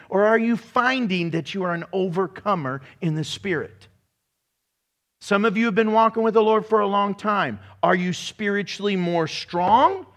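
A man preaching a sermon to a room, energetic and animated, breaking into shouts and laughs. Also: high voice. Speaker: pastor. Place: church room with congregation.

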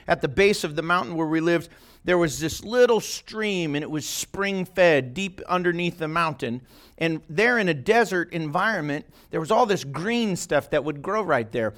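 A pastor with a fairly high voice gives a relaxed, conversational sermon. He keeps checking in with his small audience by asking them questions. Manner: conversational, asks the listeners questions often. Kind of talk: informal sermon to a small group. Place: church meeting room, live-streamed.

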